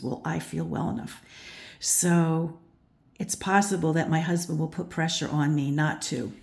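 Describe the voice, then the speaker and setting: A woman's voice: lowish voice, creaky, a little mellow. A woman, older, giving a casual tarot reading, thoughtful and rambling, with many restarts and "you know" fillers. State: out of breath at times. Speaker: tarot reader and channel host.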